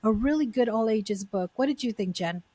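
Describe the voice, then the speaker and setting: A woman co-host talks through a comic book in loose, halting chat, slipping into Spanish now and then. Her voice sits fairly high. The sound is close and dry, with no room in it. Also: expressive, dark tone, no echo. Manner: chatty, halting with many fillers and restarts; drops Spanish words into English. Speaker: podcast co-host. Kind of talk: casual chat about comics.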